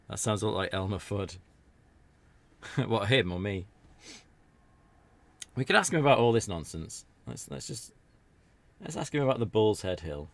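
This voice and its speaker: A man's voice: fairly low pitch, expressive, moderate pace, long pauses. A British man giving rambling, jokey commentary while playing a video game. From Britain. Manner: rambling, chatty, jokey asides. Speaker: let's play streamer. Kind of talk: casual gameplay commentary.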